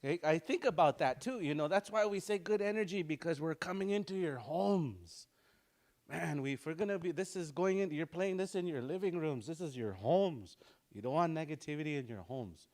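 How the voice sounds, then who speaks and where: Pitched fairly high, a man gives a laid-back language lesson, drawing out words slowly and repeating them so learners can pick them up.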